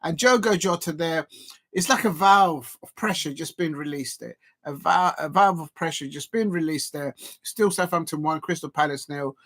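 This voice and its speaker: High-voiced man rambling through football commentary. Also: normal speed. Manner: rambling, hesitant, with many fillers and restarts; excitable at key moments. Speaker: watch-along host. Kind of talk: live football watch-along commentary.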